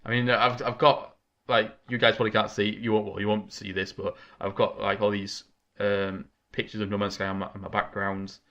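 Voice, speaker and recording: A man hosting a casual gaming podcast, talking in an excitable, chatty, rambling way into a desk microphone. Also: fairly low pitch, fairly quick, hardly any pauses, muffled recording. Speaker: podcast host.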